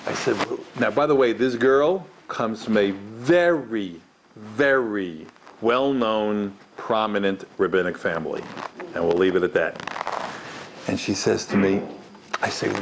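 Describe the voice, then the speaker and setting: A man's voice: measured pace, noisy background. A middle-aged man, a rabbi, giving a storytelling lecture to a live audience in a large room, acting out the people in his stories. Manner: animated, acts out the people in his stories with big pitch jumps.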